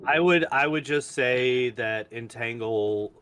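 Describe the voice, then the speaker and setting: A man's voice: medium pitch, slow, a bit bright, clear, resonant tone. A man guesting on a gaming podcast, giving blunt, opinionated takes. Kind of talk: casual gaming podcast chat.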